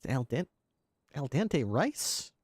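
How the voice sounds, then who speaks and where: A man's voice: medium pitch, sing-song, slow, darkish tone, breathy edge. A man improvising an interviewer in a game role-play, dry and mock-formal in his questioning.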